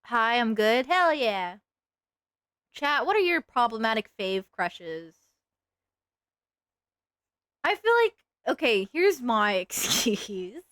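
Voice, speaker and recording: Chatty young woman streamer, lively voice. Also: a little high, takes it slowly, smooth, no room sound, studio quality. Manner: chatty, giggly, self-mocking. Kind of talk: casual live-stream chat while drawing.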